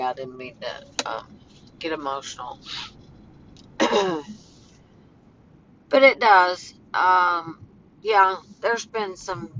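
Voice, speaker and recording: A woman vlogging casually while walking home outdoors, talking in a slow, halting way that turns emotional. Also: on the low side, bright, forceful tone. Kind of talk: casual vlog talk. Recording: dull phone audio with faint outdoor noise.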